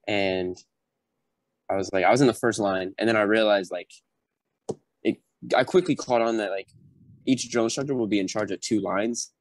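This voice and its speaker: A man's voice: lowish voice, moderate pace, long pauses, no room sound. A young man, a podcast guest, casually telling a story and acting out what people said. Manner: animated, acts out quotes. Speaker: podcast guest, former recruit.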